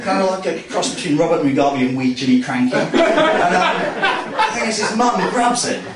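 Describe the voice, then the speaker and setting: Man, stand-up comedian, self-mocking rambling, fairly high voice, roomy live club sound, audience laughter. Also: big pitch swings, moderate pace. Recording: echoey live club recording from far off with crowd laughter.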